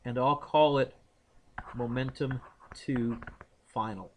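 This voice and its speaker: A man's voice: medium pitch, steady tone, slow, a little mellow, slight background noise. Man thinking aloud through physics problems. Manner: thinks aloud, quizzes students by name. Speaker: physics teacher. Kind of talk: classroom lecture working problems aloud. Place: classroom.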